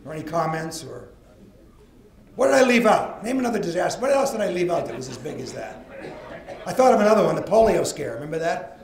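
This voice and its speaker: An older man giving a motivational storytelling talk to a live audience, with a folksy, animated delivery. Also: on the high side, fast. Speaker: motivational speaker. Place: event room. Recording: roomy live event recording.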